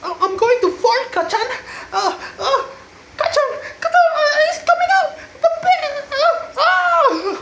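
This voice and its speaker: A man voicing a panicked young male hero, squeaky and breaking into laughter. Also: very animated, unhurried, vocal fry, bright, forceful tone, full character voice. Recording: echoey room, faint hiss.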